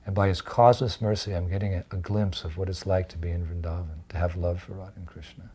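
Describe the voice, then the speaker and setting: A man's voice: deep voice, steady tone, fast, mellow, slight background noise. An older man telling personal devotional memories in a reflective storytelling way, laughing now and then. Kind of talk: storytelling memoir.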